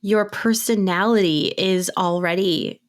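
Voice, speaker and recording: A woman with vocal fry and a scratchy throat co-hosting a podcast in relaxed, casual chat full of "like" and "um". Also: mid-range voice, unhurried. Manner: relaxed, uses lots of "like" and "um". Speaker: podcast co-host.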